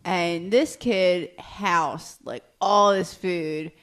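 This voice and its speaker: A woman's voice: on the low side, fairly even intonation, drawn-out words, clean tone. A woman co-hosting a comedy podcast, casually telling a story about her young daughter. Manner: conversational storytelling with acted dialogue. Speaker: podcast co-host.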